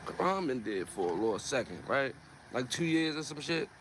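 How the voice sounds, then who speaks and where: A man's voice: medium pitch, very animated, moderate pace, fairly bright tone. A man speaking earnestly in a casual clip, repeating his points over and over. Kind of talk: casual talk to a streamer. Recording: noisy clip with car sounds.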